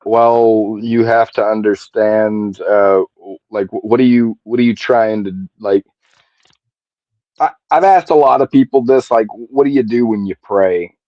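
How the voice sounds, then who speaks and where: A man talking on a video call in a casual stream chat, halting and searching for words with many fillers. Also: fairly low pitch, no room sound, dull audio.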